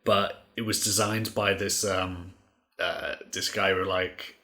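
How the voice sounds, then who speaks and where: A man with a very low voice and a bright, forceful edge co-hosts a casual podcast. He rambles through his recaps, leaning on "like" and "uh" as he goes. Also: little pitch movement, takes it slowly. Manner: rambling, many "like" fillers. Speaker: podcast co-host.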